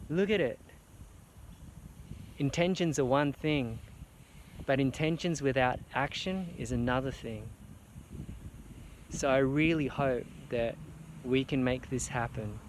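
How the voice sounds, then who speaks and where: A man's voice: mid-range voice, measured pace, long pauses, a little hiss or hum. A man, an artist, making an earnest, emotional appeal to camera, near tears and repeating phrases for emphasis. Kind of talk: heartfelt personal appeal to camera.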